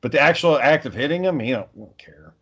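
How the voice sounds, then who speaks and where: Dad rambling about his kids, laid-back, swears a lot, normal pitch. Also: fast. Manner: relaxed, rambling storyteller, swears freely. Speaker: father. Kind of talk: casual chat.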